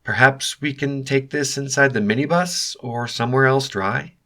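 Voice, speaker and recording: A man voicing an indignant older male professor who snaps and protests loudly. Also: mid-range voice, normal speed, pitched above the performer's own voice. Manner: loud, indignant, snappish.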